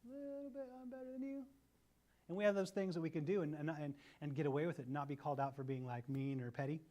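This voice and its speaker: Casual thirties male pastor, slightly higher voice, animated storyteller who keeps tagging lines with "right?". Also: racing. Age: 30s. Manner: animated storyteller, often adds "right?" to check in with listeners. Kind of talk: conversational sermon.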